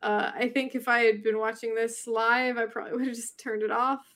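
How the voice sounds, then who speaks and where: A woman's voice: on the high side, little pitch movement, moderate pace, fairly bright tone. A woman co-hosting a casual podcast chat, rambling and thinking aloud with many restarts. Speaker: podcast co-host.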